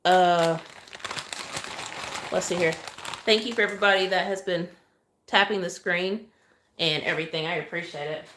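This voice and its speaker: Woman, friendly livestream chatter into a phone, a bit low-pitched, decorating cakes. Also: steady tone, normal speed, pauses often, a bit bright, a little hiss or hum. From Oklahoma, US. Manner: chatty, apologetic, reading out viewer comments. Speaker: cake decorator. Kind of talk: live stream chat while decorating.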